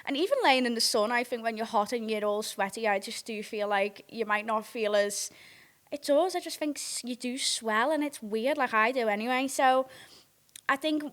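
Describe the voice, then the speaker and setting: A woman's voice: a little high, normal speed, a bit bright. A young woman with a Northwest English accent, hosting a podcast and telling stories in a casual, candid way. She swears freely and keeps checking in with her listeners. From near Liverpool, England. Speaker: podcast host. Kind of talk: casual storytime chat.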